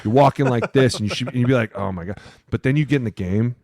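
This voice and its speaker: A man co-hosting a football podcast, a former lineman telling stories in animated, profane casual chat. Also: mid-range voice, rapid-fire, no echo, studio quality.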